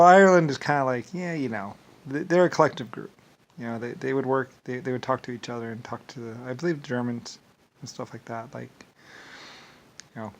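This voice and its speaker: A man vlogging in a rambling casual monologue, full of filler words and repeated words, with dismissive shrugging asides. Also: medium pitch.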